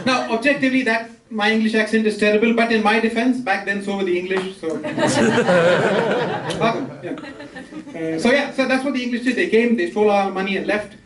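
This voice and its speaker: A man from India performing a stand-up comedy set, with brisk delivery and quick asides to the audience. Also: high voice. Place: comedy club stage with laughing audience. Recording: roomy, distant, with crowd laughter.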